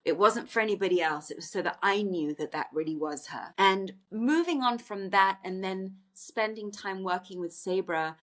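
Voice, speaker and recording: A woman speaks as a podcast guest, telling a personal story with earnest reflection. She often halts and restarts mid-sentence, searching for words, and her voice sits in an ordinary middle pitch. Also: moderate pace, hardly any pauses.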